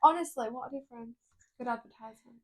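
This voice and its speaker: High-voiced chatty podcast woman. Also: fast. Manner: animated storyteller, laughs while telling. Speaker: podcast co-host. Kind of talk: casual chat.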